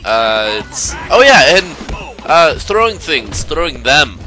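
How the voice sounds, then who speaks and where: A man's voice: big pitch swings, takes it slowly, sharp tone. Goofy man narrating a game, music underneath. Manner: goofy, rambling, bursts into high squeaky impressions. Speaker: gameplay commentator. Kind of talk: casual let's play commentary. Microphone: home microphone, recorded after the gameplay.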